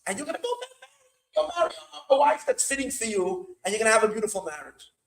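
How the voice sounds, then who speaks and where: A man's voice: high-pitched, sing-song, quick pace, vocal fry, reverberant, distant mic, a crowd in the background, exaggerated voice, poor audio. A man voicing a wealthy, hot-tempered father-in-law in a spoken story, pressing and bargaining emphatically. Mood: persuading. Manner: pleading then bullying, emphatic.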